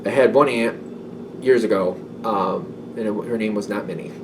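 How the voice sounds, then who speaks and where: A man's voice: lowish voice, unhurried, recorded from a distance, slight background noise. A man giving a casual tarot reading, rambling and self-doubting, with many fillers. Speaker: tarot reader.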